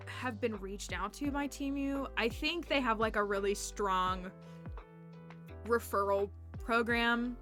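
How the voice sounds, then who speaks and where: Bright-voiced chatty woman streamer. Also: mid-range voice. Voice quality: chatty and rambling, with frequent fillers and laughs. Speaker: livestreamer. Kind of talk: casual chat while streaming a game.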